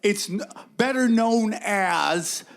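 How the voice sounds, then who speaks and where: High-voiced man bantering as podcast guest. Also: slow, gravelly. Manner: rambling, profane banter. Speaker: guest comedian. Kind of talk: casual podcast chat.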